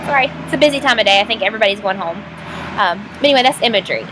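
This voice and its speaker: A woman teacher explaining a lesson for a recorded video in a casual, chatty way, often pausing with fillers and restarting her sentences. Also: medium pitch, animated, heavy background noise. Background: passing trucks.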